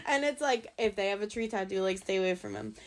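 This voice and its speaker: A woman's voice: mid-range voice, fast, creaky. A young woman from the US Pacific Northwest telling a podcast host about a bad date in a rambling, casual way, full of fillers and swearing. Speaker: podcast guest. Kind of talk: casual storytelling chat.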